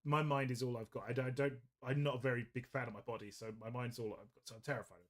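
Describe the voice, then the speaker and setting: Speaking quickly in a steady, medium-pitched voice, a man chats casually at his indoor painting desk. He's hosting a painting stream, spinning rambling stories and laughing a lot.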